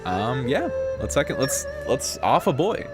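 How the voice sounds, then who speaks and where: A man's voice: medium pitch, huge pitch swings, a little slow. A man chatting casually while live-streaming a game, rambling with lots of fillers and playful slang. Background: game music.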